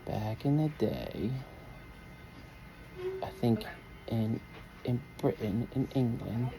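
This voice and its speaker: Slow-talking gravelly dad. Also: male voice, mid-range voice, lively intonation, music in the background, low-quality recording. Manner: rambling, playful, full of fillers. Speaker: father talking to his baby son. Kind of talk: casual chat.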